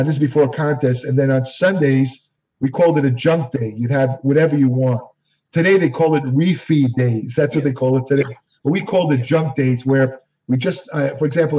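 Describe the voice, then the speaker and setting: Older man, rambling anecdotes, mellow tone, distant lo-fi mic. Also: medium pitch. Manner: rambling, self-correcting storyteller. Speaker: interview guest. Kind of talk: anecdotal storytelling. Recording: distant, dull lo-fi audio.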